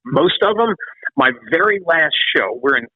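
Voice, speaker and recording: A middle-aged man, a former metal drummer, telling long stories in a casual interview, animated and rambling, often restarting and swearing. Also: a little high, normal speed, husky, no echo. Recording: dry, phone-like call audio.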